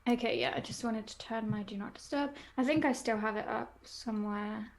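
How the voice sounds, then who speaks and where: Chatty woman, relaxed. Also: on the high side, a little fast, creaky. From England. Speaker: podcast co-host. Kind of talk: casual chat.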